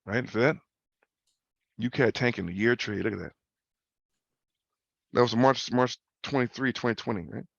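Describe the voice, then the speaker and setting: Gravelly man on a muffled video call. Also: mid-range voice, normal speed, long pauses, a bit bright, no echo. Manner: loose, slangy, repeats himself, many tag questions. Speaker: host. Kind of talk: casual screen-share trading talk.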